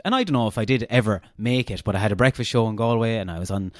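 A man with a Castlebar Irish accent hosting a casual interview and telling anecdotes in a relaxed, chatty way. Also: lowish voice, very fast, dry recording, studio quality. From Ireland, Castlebar. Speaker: podcast host.

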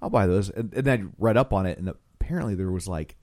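A man with a lowish voice chats casually on a podcast, his pitch rising and falling a lot as he tells a story. He drops wry, deadpan asides. The sound is dry and close. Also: quick pace, no echo. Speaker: podcast co-host. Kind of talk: casual film discussion.

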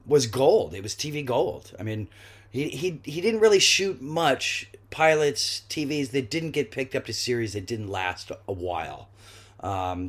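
A middle-aged man, a guest actor, telling a lively story in a podcast interview and acting out the voices in it. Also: medium pitch. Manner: lively anecdotes, acts out quoted voices, swears.

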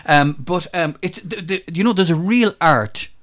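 A man's voice: on the high side, normal speed, a bit bright. An Irish man co-hosting a casual chat, playful and joking as he steers the topic. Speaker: podcast co-host.

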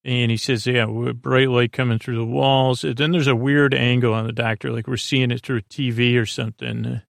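Gravelly flat-voiced man rambling. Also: medium pitch, moderate pace, dry recording, studio quality. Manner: meandering, many fillers and self-corrections. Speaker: podcast host. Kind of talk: rambling episode recap for sleep.

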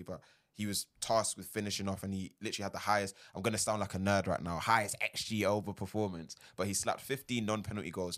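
A man's voice: low voice, a bit bright. A man, a podcast guest arguing football takes in casual chat, insistent and laughing as he protests. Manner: insistent, quick-talking, laughs while protesting.

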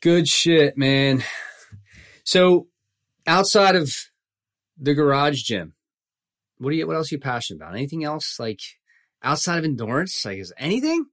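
A man hosting a casual interview, relaxed and encouraging, with slangy praise. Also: on the high side, moderate pace, long pauses. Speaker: podcast host.

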